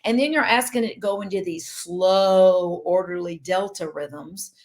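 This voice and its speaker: A woman doctor talks through health advice as a podcast guest. She explains in a steady, teaching way and slips into quoted inner thoughts as she goes. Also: lowish voice, a little slow. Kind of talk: podcast interview.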